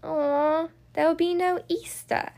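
A woman's voice: very high-pitched, sing-song, moderate pace, creaky, darkish tone, voice pushed up, heavily acted. Bingo, a small worried puppy girl, read by a woman. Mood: gloomy.

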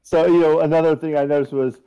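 A man's voice: on the high side, steady tone, fast, clear, resonant tone, lo-fi sound. A man co-hosting a podcast in casual chat, making wry, incredulous remarks. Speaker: podcast co-host.

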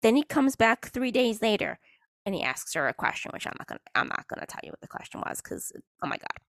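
A woman's voice: fairly high pitch, wildly swooping pitch, fast, creaky, no room sound, clean studio sound. A woman hosting a casual podcast, telling sarcastic stories with bursts of laughter. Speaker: podcast host. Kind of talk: casual chat.

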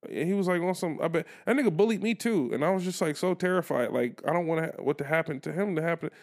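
A young man co-hosting a podcast, telling a story in casual chat, animated and laughing as he acts out the people in it. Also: fairly high pitch, fast. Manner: animated, laughing, acts out voices in his stories. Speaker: podcast co-host.

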